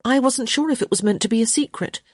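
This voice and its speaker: A woman's voice: on the high side, fast talker, a little mellow, breathy edge, no echo, studio quality, pitched above the performer's own voice. A woman voicing a frank, curious young society lady who teases and speaks her mind. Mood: eager. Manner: frank and teasing.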